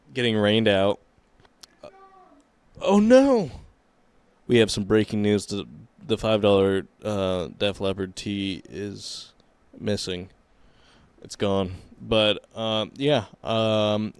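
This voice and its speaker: Laid-back low-voiced male podcast co-host. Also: smooth, no room sound. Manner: laid-back, laughs along often. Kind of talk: casual chat.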